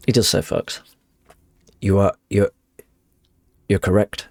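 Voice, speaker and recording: A man's voice: vocal fry, no echo. Playful man streaming a game. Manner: playful, self-mocking, quick pitch jumps when excited. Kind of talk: casual live-stream commentary.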